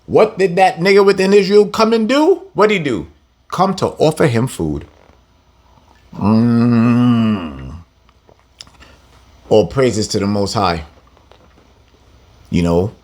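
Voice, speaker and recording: A man teaching an informal scripture lesson, reading verses and retelling them in slang, laughing often. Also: mid-range voice. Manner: animated, slangy, laughs often, reads verses then paraphrases. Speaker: Bible teacher.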